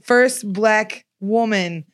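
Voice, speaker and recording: A woman comedian chatting casually. She tells stories with animation and laughs easily, at a middle pitch. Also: drawn-out words. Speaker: comedian guest. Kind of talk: casual chat.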